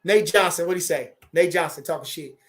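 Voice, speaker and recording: A man, hosting a casual livestream and reading viewer comments aloud, animated and profane and repeating his phrases. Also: fairly high pitch, fairly quick. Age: 40s. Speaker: boxing trainer and livestream host.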